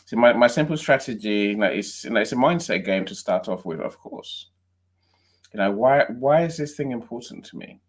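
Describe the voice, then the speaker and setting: A man's voice: medium pitch, lively intonation, normal speed. A man from England speaking as a guest on a video call, friendly and conversational, often saying "you know" and "right". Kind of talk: casual talk on a call.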